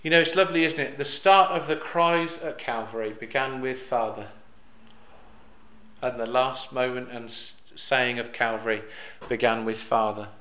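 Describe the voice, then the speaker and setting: Bright-voiced preacher man in an echoey hall. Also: mid-range voice, moderate pace. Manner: rises to loud emphatic peaks on quoted cries; hesitant with fillers and restarts, drops soft on reflective lines. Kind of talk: sermon.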